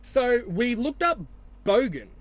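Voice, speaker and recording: A young man with an Australian accent and a high-pitched voice rambles through a casual podcast chat. He teases his friends and swears freely, trailing off and restarting as he talks. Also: sing-song, slow. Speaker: podcast host.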